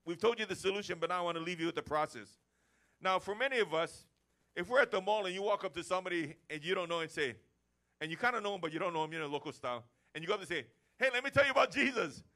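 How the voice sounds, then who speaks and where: A man preaching a lively sermon to his church, acting out everyday chats as he goes. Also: sits high, very fast. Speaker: pastor. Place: church service.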